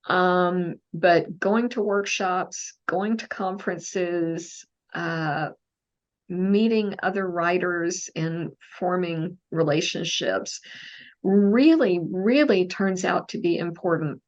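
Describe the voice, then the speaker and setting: A woman with a Texan accent, a mystery novelist answering interview questions in a thoughtful, casual way with many pauses and fillers. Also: on the low side, muffled recording. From Texas, USA.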